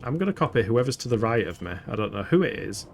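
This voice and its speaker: A man's voice: lowish voice, big pitch swings, quick pace, gravelly, slight background noise. A man giving chatty live commentary as he streams a game, often swearing, laughing and poking fun at himself. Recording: game music playing underneath. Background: game music.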